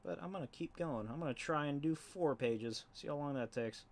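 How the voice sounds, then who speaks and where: A man's voice: fairly high pitch, moderate pace. A comic artist rambling casually on a live stream while he inks, laughing often and swearing offhandedly.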